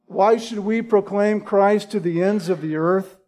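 A man delivers a sermon in a high, mellow voice. He speaks slowly and deliberately. He leans hard on key lines with mounting intensity. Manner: emphatic, deliberate, rising in intensity on key points. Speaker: preacher.

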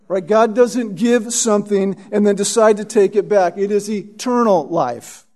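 Male preacher, high voice, emphatic teaching sermon, checks in with "Right?", stumbles now and then. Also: unhurried, a little mellow. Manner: emphatic, repeats "Right?" to the listeners. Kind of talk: expository sermon.

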